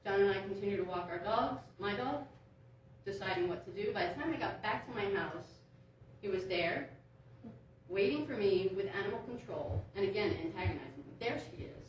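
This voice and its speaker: A woman's voice: medium pitch, expressive, fairly quick, a little hiss or hum. A woman giving public comment at a hearing, recounting her complaints in an aggrieved way, with many ums. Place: large echoey meeting room. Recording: echoey room from a distance.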